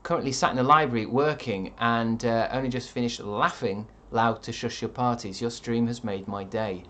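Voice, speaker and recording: A man's voice: medium pitch, steady tone, normal speed, sharp tone. A man streaming live, reading out chat with rambling dry jokes and lots of ums.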